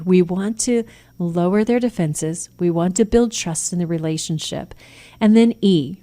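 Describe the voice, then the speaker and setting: On her Christian radio show, an American woman who works as a nurse practitioner and radio host acts out sample phrases while sharing earnest advice on parenting. Her voice is mellow and on the low side.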